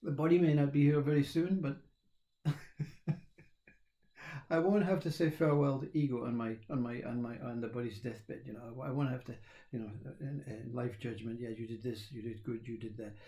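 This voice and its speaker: A man, talking in a rambling, reflective monologue, laughing often and halting with fillers. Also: medium pitch, steady tone, warm tone. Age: 60s.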